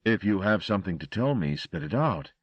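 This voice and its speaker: A man voicing a menacing, polite European stranger who speaks slowly and courteously. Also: low-pitched, very animated, breathy edge, no echo, dull audio, exaggerated voice. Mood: courteous menace. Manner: slow, courteous, quietly threatening.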